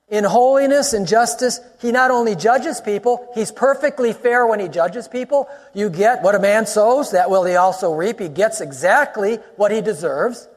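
A man preaching a sermon as a pastor, in an animated teaching style with quick asides and rising exclamations. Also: high-pitched, big-room sound.

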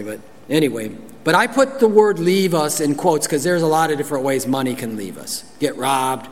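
A man preaching a sermon as pastor, animated, acting out quotes in raised voices and laughing now and then. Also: mid-range voice, big-room sound, a little hiss or hum. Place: church.

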